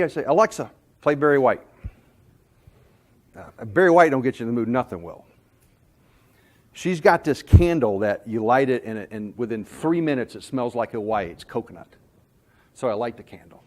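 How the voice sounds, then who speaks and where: A man giving a sales management talk, telling jokey stories in an animated, self-deprecating way to a room. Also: medium pitch. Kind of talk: storytelling presentation.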